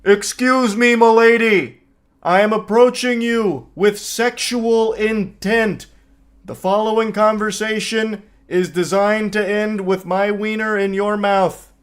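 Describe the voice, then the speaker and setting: A man voicing an overly formal, creepy guy who approaches a woman with stilted, courtly words, pitched well above his usual voice. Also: fairly even intonation, slow, clear, resonant tone. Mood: pompous. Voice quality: pompous, stilted courtly speech.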